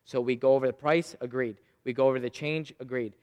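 A man in his thirties preaching a sermon, telling a personal story with loud bursts and quiet asides. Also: mid-range voice, steady tone, a little fast, big-room sound. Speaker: pastor.

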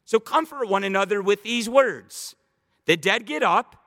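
A man preaching a sermon as pastor, animated, slowing down to stress scripture quotes. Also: high voice, long reverb tail.

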